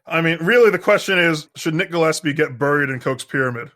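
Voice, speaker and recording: A man's voice: a little high, quick pace, pushed and bright. A man co-hosting a podcast, easygoing, laughing often and retelling a news story with many fillers. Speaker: podcast co-host. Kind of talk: casual political podcast chat.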